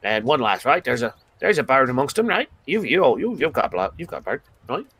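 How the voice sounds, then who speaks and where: A man voicing a loud, boisterous male adventurer who talks in brash, chummy slang. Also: mid-range voice, very animated, fairly quick, slightly rough, dry recording, heavily acted. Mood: wheedling.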